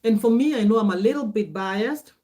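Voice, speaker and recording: A woman's voice: fairly high pitch, brisk, warm tone. A middle-aged Kenyan woman whose first language is Swahili, hosting a casual livestream, chatting, laughing often and answering viewer comments aloud. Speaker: livestream host.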